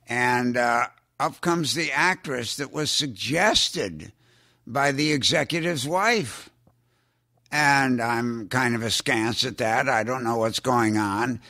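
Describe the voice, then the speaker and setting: An older man telling show-business anecdotes in an unhurried way, chuckling and dropping his voice low when he quotes people. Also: pushed and bright, no room sound, clean studio sound. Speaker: guest actor telling stories. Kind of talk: anecdotal storytelling.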